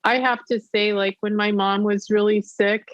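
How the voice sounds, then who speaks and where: A woman's voice: mid-range voice, flat delivery, normal speed, dry recording. Empathetic woman host, dull dry sound. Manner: empathetic, reflective, talks through her own feelings. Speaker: podcast host. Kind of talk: casual interview chat.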